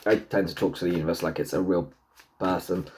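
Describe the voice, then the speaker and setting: A man's voice: a little fast, a little hiss or hum. A man giving a casual tarot reading to camera, swearing freely and joking with himself. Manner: chatty, swears freely, jokes to himself, talks back to the universe; lively pitch, swoops high into silly put-on voices. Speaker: tarot and numerology reader.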